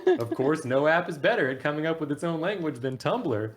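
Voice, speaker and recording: A man's voice: on the high side, animated, fairly quick, lightly acted. A man putting on a newscaster voice to read an article aloud in mock-serious announcer style. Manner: over-serious announcer delivery. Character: male TV newscaster reading a story. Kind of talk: mock news reading.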